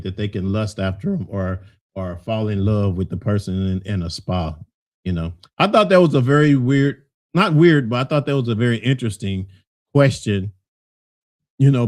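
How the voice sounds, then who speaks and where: A man's voice: medium pitch, darkish tone. A man hosting a casual talk show, reading listener comments and answering in a loose, conversational way. He laughs often and keeps saying "you know what I'm saying".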